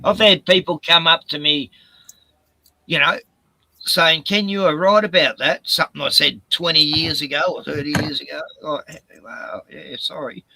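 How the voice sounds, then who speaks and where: A man's voice: fairly high pitch, fairly even intonation, normal speed, vocal fry, sharp tone, no room sound, low-quality recording. A man chatting as a guest on a live stream, casual and sweary, saying "you know" a lot.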